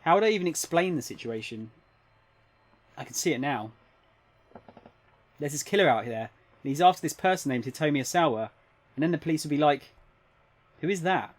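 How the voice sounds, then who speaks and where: A man's voice: a little high, expressive, fairly quick, long pauses. A man reading as a puzzled young woman. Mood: worried. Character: young woman narrating her own puzzled predicament. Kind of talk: reading game text aloud.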